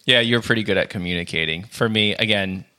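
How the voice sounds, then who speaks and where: Low-voiced man with a very bright tone. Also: brisk, clear, resonant tone. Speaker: podcast co-host. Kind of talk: casual banter with partner.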